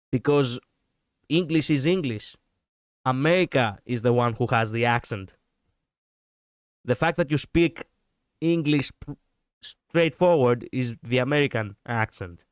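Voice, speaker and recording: A man's voice: medium pitch, clean tone, no room sound, clean studio sound. A man chatting casually on a livestream as a VTuber, rambling and laughing often while he responds to viewers. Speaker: VTuber streamer.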